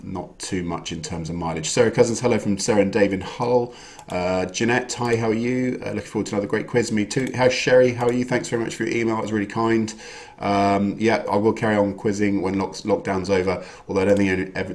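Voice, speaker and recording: A man hosting an online quiz, chatting casually and greeting viewers by name. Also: on the low side. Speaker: quiz host. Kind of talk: casual live-stream chat.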